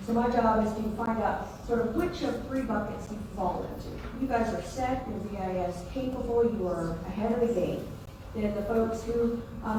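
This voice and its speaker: A woman from Mississippi with a Mississippi Southern accent, giving a friendly, chatty presentation to a live audience. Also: a little high. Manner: friendly, chatty, self-deprecating. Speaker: presenter at a meeting. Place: large meeting hall. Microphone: room mic from a distance. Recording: echoey hall from far off, noisy.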